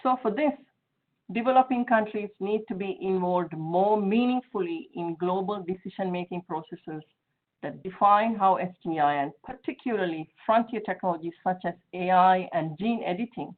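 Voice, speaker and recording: A woman delivers prepared remarks at an official webinar in a steady, measured voice. Her pitch sits in the middle range. The sound is narrow and tinny, like a phone line on a video call. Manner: measured, reads from a prepared text. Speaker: UN division director giving opening remarks. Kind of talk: formal prepared speech.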